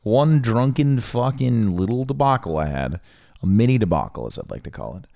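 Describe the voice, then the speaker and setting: A man's voice: medium pitch, sing-song, normal speed, creaky, mellow. A young man co-hosting a podcast, ranting in a heated, profane way in casual chat. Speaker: podcast co-host.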